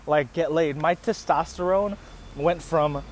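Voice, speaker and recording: A man's voice: on the high side, unhurried. A man in his thirties hosting a podcast, telling a story casually with lots of swearing and bursts of laughter. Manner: profane, animated storytelling with laughs. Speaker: podcast host. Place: outdoors near a street. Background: passing traffic noise.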